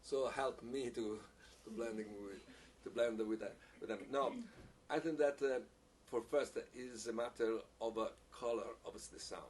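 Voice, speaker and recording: A man teaching a piccolo masterclass answers questions haltingly, repeating words and using non-native phrasing as he works his way through. His voice is ordinary middle pitch for a man with a darkish tone, captured from a distance over a faint hiss.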